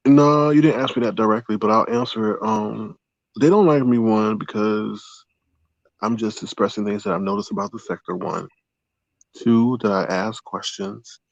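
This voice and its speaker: Low-voiced man on dull, dry lo-fi audio. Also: gravelly, no room sound. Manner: measured, lays out his points one by one. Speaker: guest from the chat. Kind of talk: casual live-stream chat.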